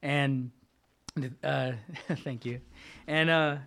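A man's voice: medium pitch, fairly even intonation, extremely slow, vocal fry, pushed and bright. A middle-aged man giving a casual, heartfelt recovery testimony, often repeating phrases and calling listeners "man.". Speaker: speaker sharing at a recovery meeting.

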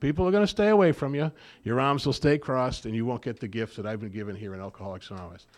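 A man's voice: medium pitch, fast talker. Man sharing his recovery story. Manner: storytelling that acts out both sides of remembered dialogue. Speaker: speaker at a recovery meeting. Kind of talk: personal recovery talk to a group.

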